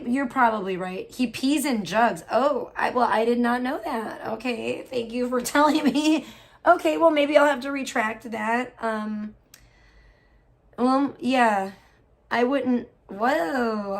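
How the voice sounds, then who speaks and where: On the higher side vocally, this livestream host chats casually in response to viewers' messages, speaking her mind bluntly, cursing freely and reacting with loud disgust. She's talkative, full of fillers and questions to chat, and has a young child of her own.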